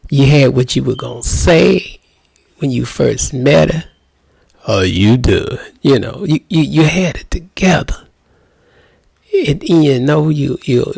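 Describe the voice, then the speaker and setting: A male pastor talks straight to husbands in a loose, joking manner and acts out little scenes as he goes. His voice is heavily gravelly and a bit husky. The sound is dry and close, with no room echo. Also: mid-range voice, a little mellow. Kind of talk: casual marriage talk to men.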